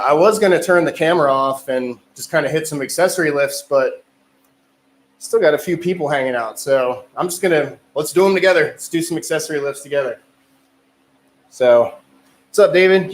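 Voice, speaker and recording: A man chatting loosely on a livestream as a strength athlete, rambling and swearing, with lots of filler words. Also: fairly high pitch. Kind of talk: casual livestream chat. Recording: echoey room with faint noise.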